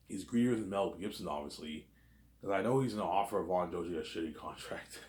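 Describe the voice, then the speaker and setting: A man hosting a casual, rambling commentary, repeating the same filler phrases again and again. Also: low voice. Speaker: host. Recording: roomy echo.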